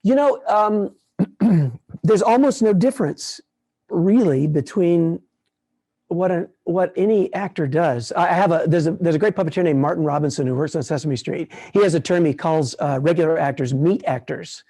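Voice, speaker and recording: A man in his sixties, a puppeteer, talking casually at an online conference and answering questions, relaxed and rambling with many restarts. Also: on the high side, moderate pace, husky. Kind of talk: casual talk and Q&A.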